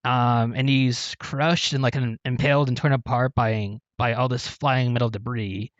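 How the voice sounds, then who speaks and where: Man, podcast host, halting with lots of ums, dry dull lo-fi recording. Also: medium pitch, steady tone, no echo. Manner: hesitant, many ums and restarts. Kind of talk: casual comic discussion.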